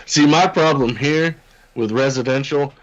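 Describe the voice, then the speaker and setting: A man's voice: mid-range voice, unhurried, lo-fi sound. Blunt, swearing man in a podcast chat.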